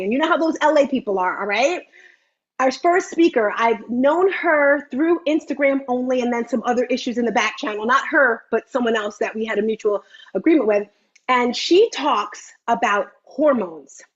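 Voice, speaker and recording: Brief: woman, fifties, fitness host, lively live-stream pitch, bright high voice, slightly muffled audio. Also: breathy edge. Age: 50s. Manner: animated, chatty, repeats phrases for emphasis. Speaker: host of an online fitness meeting.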